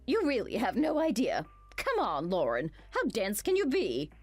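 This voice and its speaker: A woman plays a rude, snobbish young woman who barks orders and mocks others. Her slightly high voice leaps up and down wildly in pitch. She is a condescending character in a storybook text-message drama. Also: huge pitch swings, moderate pace, soft background music. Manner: condescending, commanding.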